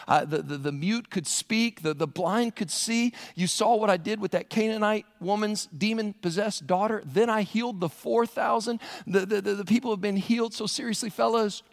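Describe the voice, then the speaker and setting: A man's voice: sits high, moderate pace, gravelly, few pauses. A man voicing Jesus as an adult man pressing his followers with a rhetorical list of deeds, during a sermon. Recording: long hall reverb in church.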